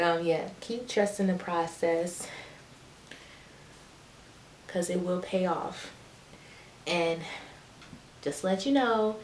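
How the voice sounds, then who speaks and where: Woman, vlogger, lowish voice, chatty, encouraging, casual how-to talk, echoey room. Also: a little mellow, slight background noise. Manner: chatty and encouraging, talks to viewers directly. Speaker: beauty vlogger.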